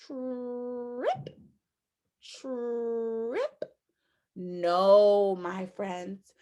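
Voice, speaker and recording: A woman teaching a phonics lesson to young children, sounding out letters slowly and emphatically, with repeated encouragement. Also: high-pitched, a bit bright. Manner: encouraging, repeats phrases to the class. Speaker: kindergarten teacher.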